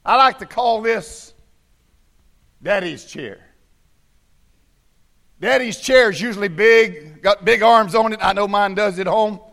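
Preacher man in church, high gravelly voice, goes quiet then hollers. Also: measured pace, long pauses. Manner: swings from hushed low tones to shouted fervor. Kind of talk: sermon.

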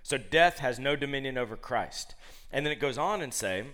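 A man in his thirties preaching a sermon, talking casually and acting out quotes with lively voices while telling family stories. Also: brisk. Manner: animated, conversational, acts out quotes in high voices.

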